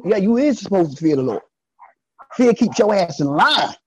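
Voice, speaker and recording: A man guesting on a podcast, talking in an animated, preachy way and acting out voices in his stories. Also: high-pitched, a little fast, husky, no room sound, dull audio. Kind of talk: casual podcast conversation.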